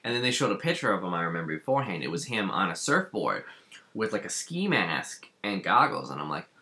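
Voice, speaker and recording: Fast-ranting deep-voiced man. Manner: animated, ranting, acts out his own reactions. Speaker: podcast co-host. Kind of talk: casual chat.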